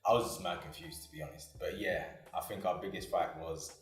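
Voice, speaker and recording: A man's voice: sits low, a little fast. A young man, chatting casually in slang about his relationship on a couples chat show. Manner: laid-back, slangy, animated. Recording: echoey room with music underneath.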